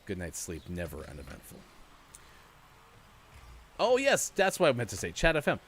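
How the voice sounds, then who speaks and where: A man's voice: mid-range voice, huge pitch swings, normal speed. A man hosting a morning gaming stream, chatting casually and rambling with many fillers while he plays. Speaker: show host.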